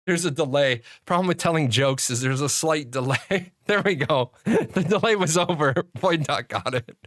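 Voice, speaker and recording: A man's voice: mid-range voice, fairly bright tone, dry recording, studio quality. A man streaming live, rambling and laughing at his own jokes in casual chat.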